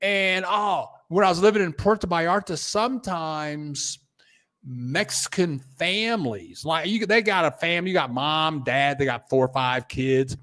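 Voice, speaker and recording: A man's voice: fairly high pitch, moderate pace, hardly any pauses, pushed and bright. An older man chatting casually on a live stream, telling stories and reading out viewer comments. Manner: storytelling, reads viewer comments aloud, chuckles. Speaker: vlogger.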